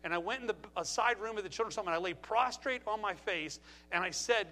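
A man's voice: sits high, fairly quick, sharp tone. A middle-aged man preaching a sermon in a church, emphatic, firing rhetorical questions and repeating phrases for effect. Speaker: pastor.

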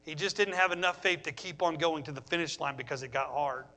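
A man in his forties preaching a sermon, animated, with humorous asides and rhetorical questions. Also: fairly high pitch, quick pace.

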